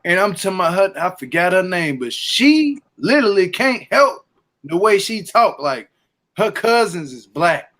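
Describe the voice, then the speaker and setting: A man hosting a casual podcast chat, talking in an animated, emphatic way and stressing his honesty. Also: high voice, a little slow. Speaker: podcast host. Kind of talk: casual chat recapping a reality show.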